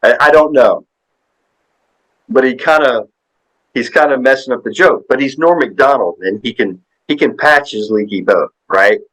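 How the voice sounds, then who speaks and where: A man's voice: mid-range voice, normal speed, a bit bright, rough recording. A man in his sixties, a podcast guest, telling a story in a rambling, folksy way with lots of tag questions. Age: 60s. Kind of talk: casual storytelling chat.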